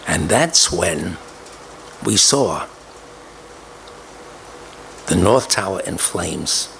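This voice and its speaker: An older man recounting a personal story, deliberately repeating key details for emphasis. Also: deep voice, vocal fry, a bit bright, slight background noise, poor audio. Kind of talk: storytelling speech.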